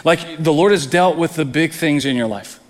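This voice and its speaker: A man's voice: fairly high pitch, moderate pace, in a large hall. A man preaching a sermon as pastor, earnest, often repeating words as he presses a point.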